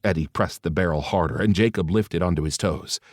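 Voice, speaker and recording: Deep-voiced male audiobook narrator. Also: brisk, no echo, studio quality.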